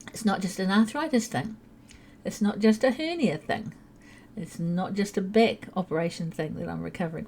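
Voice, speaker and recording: A woman's voice: medium pitch, mellow. An older woman talking to her viewers in a casual, chatty monologue, explaining things plainly with small restarts. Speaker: vlogger.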